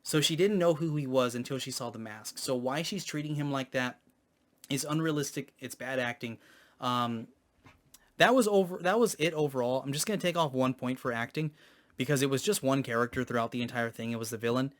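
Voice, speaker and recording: A man's voice: mid-range voice, brisk. A man giving a casual spoken movie review, hesitant, with many ums and restarts.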